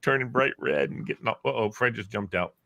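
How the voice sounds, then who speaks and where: Animated man retelling radio bits. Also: mid-range voice, brisk, vocal fry. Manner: animated storyteller, acts out voices. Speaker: show host.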